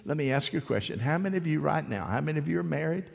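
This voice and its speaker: A man with a higher voice, vocal fry, and a very fast, expressive delivery preaches to a congregation in a large hall with long reverb. Folksy and jokey, he tells a story and asks the crowd questions along the way.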